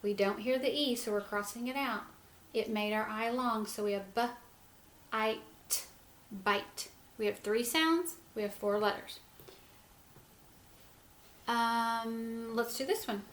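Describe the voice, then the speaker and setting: A woman teaching young children phonics, speaking slowly and sounding out each word letter by letter in a gentle, encouraging way. Her voice sits a little high. The recording is echoey, with faint room ambience behind her. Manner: slow, sounds words out letter by letter.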